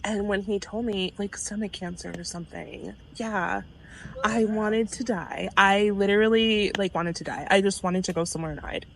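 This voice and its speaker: Woman, forties, podcast co-host, animated storyteller, faint background hiss. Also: medium pitch, normal speed, vocal fry, low-quality recording. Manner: animated, laughing, acts out quotes. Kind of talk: casual storytelling chat.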